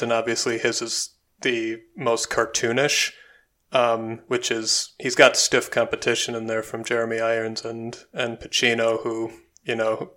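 A man's voice: medium pitch, a bit bright. A man co-hosting a podcast, giving opinionated film reviews in casual chat, with frequent ums and likes. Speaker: podcast co-host.

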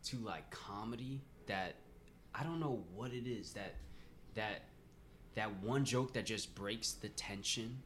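A man's voice: fairly low pitch, a little slow, a bit bright, slight background noise. A man hosting a podcast in casual chat, laid-back and profane, often calling people "man" and "dude". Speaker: podcast host.

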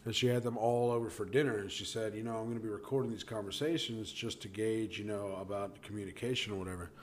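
A man's voice: fairly low pitch, fairly even intonation, quick pace, a little hiss or hum. Young man rambling in casual chat. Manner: rambling retelling with restarts and profanity.

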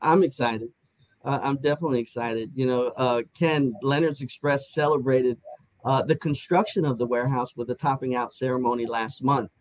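A man's voice: mid-range voice, fairly even intonation, brisk, rough recording. A man hosting an interview, upbeat and chatty, asking guests questions with plenty of fillers. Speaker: interview host.

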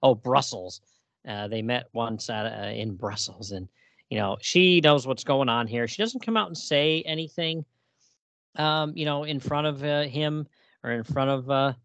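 Relaxed man chatting about comics. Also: medium pitch, measured pace, creaky, no echo. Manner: relaxed, many fillers, laughs often. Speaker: podcast co-host. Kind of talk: casual chat about a comic book.

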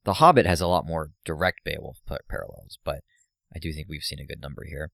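A man co-hosting a podcast, chatting about a book in a relaxed, offhand way. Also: very deep voice, fast talker, creaky, no echo. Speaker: podcast co-host. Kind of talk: casual book discussion.

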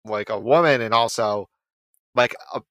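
Laid-back man with a bright, dry voice. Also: on the low side, normal speed, no echo. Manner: laid-back, hesitant, filler-heavy. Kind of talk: casual movie chat.

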